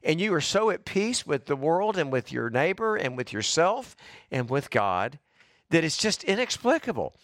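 A middle-aged man preaches a fervent sermon, breaking into exclamations of praise. His voice sits fairly high for a man, and the recording is dry and close, with little room sound. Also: big pitch swings, moderate pace, fairly bright tone, no room sound. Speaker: pastor.

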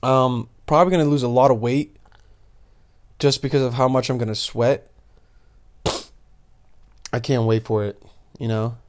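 A young Bosnian man hosts a podcast alone, delivering a crude, casual monologue of rambling, profane, jokey stories. His mid-range voice holds a steady tone at a moderate pace, broken by long pauses.

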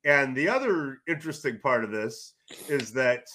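A middle-aged man from California, a sports journalist and guest, telling loud, rambling stories in casual podcast chat. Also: medium pitch, moderate pace, a little hiss or hum. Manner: animated storyteller, loud, rambling with restarts.

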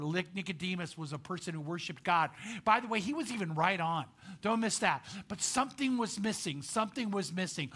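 A pastor from Southern California preaching a sermon in an animated, chatty way, asking the congregation questions. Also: male voice, sits high.

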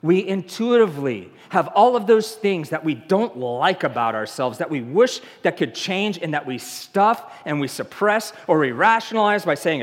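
A man's voice: on the high side, lively intonation, moderate pace, hardly any pauses, big-room sound. A man from the American South with a Southern accent, a pastor preaching a conversational sermon and asking the congregation questions. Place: church sanctuary.

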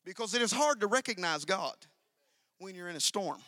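A man preaching a sermon, swinging between loud, sing-song shouting and quiet asides while questioning the congregation directly. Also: high voice, expressive, moderate pace, no room sound, clean studio sound. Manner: addresses the congregation directly with call-and-response questions.

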